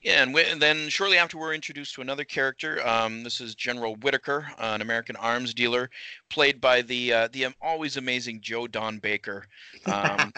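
A man's voice: medium pitch, a little fast, sharp tone, clear, resonant tone, no echo, poor audio. A man co-hosting a casual film discussion podcast, rambling with frequent restarts and laughs. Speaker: podcast co-host.

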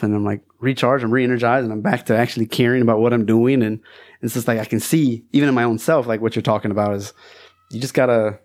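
A man's voice: medium pitch, fast, darkish tone, no echo, studio quality. A man hosting a podcast, asking questions and sharing his own experience in a casual way. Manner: asks several questions in a row. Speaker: podcast host. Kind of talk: casual interview talk.

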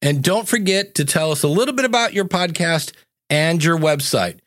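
A male podcast host giving brisk, upbeat announcements about where he will be. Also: fairly high pitch, expressive, fairly bright tone. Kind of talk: show announcements.

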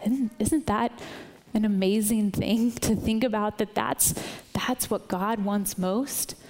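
A woman's voice: medium pitch, steady tone, unhurried, mellow, in a large hall. A woman giving a conversational church sermon. She speaks earnestly and informally, often asking "right?" to keep listeners with her.

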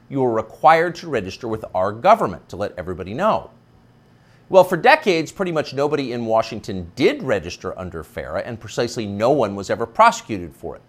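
A man's voice: medium pitch, a bit bright. A man delivering a scripted opinion monologue as a commentator, emphatic and sardonic.

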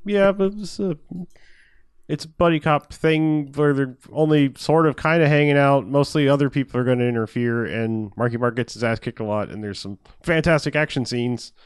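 A man's voice: mid-range voice, fairly even intonation, fairly quick, hardly any pauses, clear, resonant tone, no echo, studio quality. A man co-hosting a casual movie podcast, rambling and swearing a lot. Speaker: podcast co-host.

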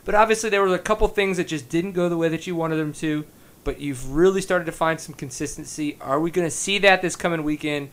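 A man's voice: a little high, a little fast, a bit bright. A man hosting a casual podcast interview, joking and enthusiastic. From United States. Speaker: podcast host.

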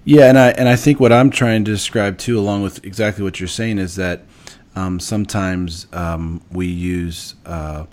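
A man hosting a podcast, speaking reflectively and searching for his words with many pauses and fillers. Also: sits low, fairly even intonation, darkish tone. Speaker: podcast host. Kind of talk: casual podcast conversation.

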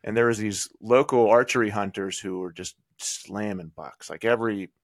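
A man hosting a podcast interview, asking questions and chatting in a relaxed, hesitant way with fillers. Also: fairly low pitch, normal speed. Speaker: podcast host. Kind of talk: casual interview.

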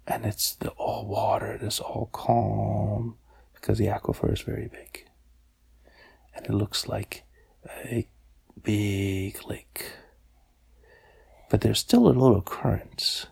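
A man's voice: medium pitch, gravelly, darkish tone, slightly rough. A man improvising a bedtime story, meandering and repeating words, sometimes dropping to a whisper.

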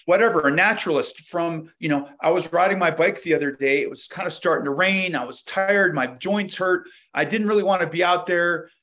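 Bright, forceful, and high, the voice moves fairly quickly with few pauses. It belongs to an inventor who is a guest in a casual interview, spinning reflective stories and repeatedly restarting.

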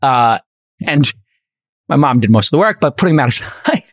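A man in casual chat on a podcast tells a winding story. He stumbles, restarts, and slips into other people's voices as he goes. His voice sits at an ordinary middle pitch, recorded close and dry with no room sound. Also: expressive, moderate pace, no room sound. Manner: rambling anecdote full of fillers and restarts, voicing the people in the story. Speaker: podcast host.

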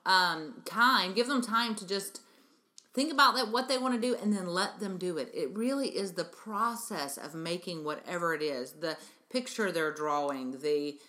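A woman with a bright, forceful voice sitting a little low in pitch delivers a parenting talk monologue. She talks earnestly and with emphasis, addressing listeners directly as "you guys." She sounds middle-aged and speaks like an early-childhood educator. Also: moderate pace. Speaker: parenting show host and preschool educator.

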